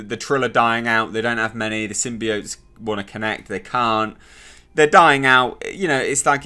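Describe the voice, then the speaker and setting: A man's voice: mid-range voice, pushed and bright. A young man reviewing a TV episode in a casual, sarcastic, exasperated way, with a faint music bed behind him. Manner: sarcastic, exasperated, mocking impressions. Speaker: TV show reviewer.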